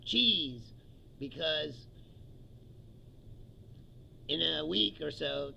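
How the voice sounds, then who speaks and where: A man's voice: medium pitch, very animated, normal speed, creaky, pushed and bright, a little hiss or hum. A man hosting a livestream, giving a casual, profane political rant with sarcastic asides and chuckles at his own jokes.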